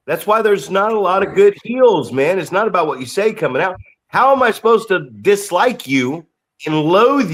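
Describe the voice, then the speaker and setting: A man co-hosting a podcast in a casual, joking, profane way. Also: high-pitched. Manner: animated, profane, jokey. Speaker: podcast co-host.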